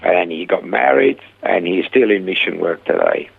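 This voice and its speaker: An older man with a gravelly, husky voice tells his stories with animation, his pitch jumping up whenever he acts out his own words. He comes through a thin, tinny phone line. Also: moderate pace. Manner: animated retelling, voice rising when quoting himself. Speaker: guest, rehab centre founder. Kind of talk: storytelling in a conversation.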